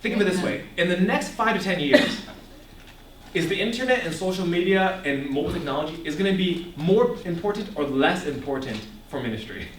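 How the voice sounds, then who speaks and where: A young man with a fairly high voice gives an animated teaching talk, quizzing his listeners and laughing often. He sounds set back from the mic in an echoey room, with a faint hum of ambience behind him. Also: brisk, far from the mic. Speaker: ministry speaker. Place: echoey room before a live audience. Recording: echoey room, voice picked up from afar.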